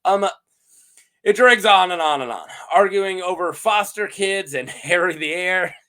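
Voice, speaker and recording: A man casually recapping fantasy story lore, playful and quick to laugh, with lots of fillers. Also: high-pitched, clean tone. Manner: playful, animated, laughs often, many fillers. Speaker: host of a fantasy lore channel.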